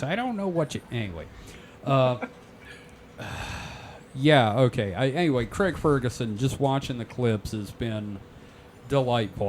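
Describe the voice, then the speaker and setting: A man's voice: medium pitch, a little hiss or hum. Joking man swearing casually on a podcast. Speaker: podcast co-host. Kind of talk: casual chat.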